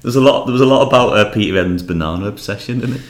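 A man's voice: fairly low pitch, very fast, roomy sound, crowd noise. A man co-hosting a podcast, chatting casually and laughing easily. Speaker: podcast co-host. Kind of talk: casual chat.

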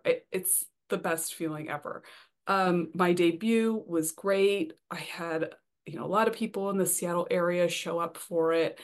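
Woman, young adult, podcast guest, bubbly, excitable, lowish voice. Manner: bubbly, excited, laughs often, says "um" and "you know". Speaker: debut romance author, podcast guest. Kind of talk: casual interview chat.

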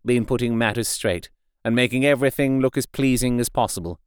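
A man giving a measured, expressive audiobook narration. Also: mid-range voice, clean tone, no echo, clean studio sound.

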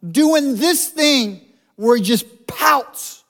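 High-pitched male pastor, chatty sermon style with jokes thrown in. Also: lively intonation, drawn-out words, fairly bright tone. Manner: humorous, conversational preaching with asides.

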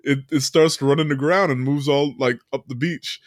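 A man's voice: a little high, steady tone, normal speed, no echo, studio quality. A man co-hosting a podcast, recapping a film in casual chat, often laughing and acting out the characters' lines.

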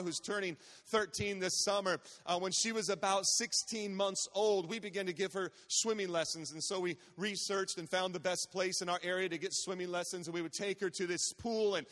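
A man's voice: high voice, a bit bright. A man in his forties, a guest pastor telling a humorous family story in a sermon, chatty and calling out to the congregation. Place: large church sanctuary. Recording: long church hall reverb.

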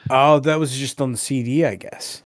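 A man's voice: mid-range voice, fairly even intonation, normal speed, no echo, clean studio sound. A man co-hosting a casual podcast, enthusiastic but hesitant, with many fillers. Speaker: podcast co-host.

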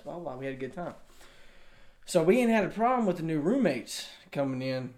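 A young man with a Southern US accent, a college student telling a story in casual chat, animated and acting out the dialogue. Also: on the high side, brisk. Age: young adult.

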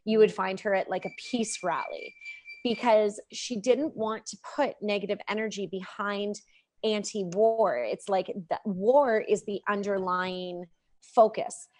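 A woman's voice: medium pitch, steady tone, measured pace, a little mellow. A woman talking as a podcast guest over a video call, chatty and upbeat, saying "like" often. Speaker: podcast guest, NLP practitioner. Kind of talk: casual conversation.

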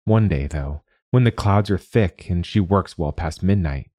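A man narrating a short story as host, calm and measured. His voice is very low. The recording is close and dry, with no room sound. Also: no room sound.

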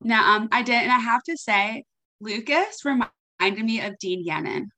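A woman's voice: fairly high pitch, a little slow, sharp tone. A young woman co-hosting a podcast, chatting casually and gushing about a book, with "like" in nearly every sentence. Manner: gushing, chatty, heavy use of "like". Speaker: podcast co-host.

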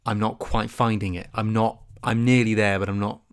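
A young man co-hosting a comedy podcast, talking in a dry, deadpan, meandering way. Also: fairly low pitch, moderate pace, clear, resonant tone. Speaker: podcast co-host.

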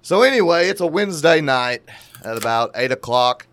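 A man telling a crude, animated story in casual profane podcast chat, laughing at his own tale. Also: on the high side, moderate pace.

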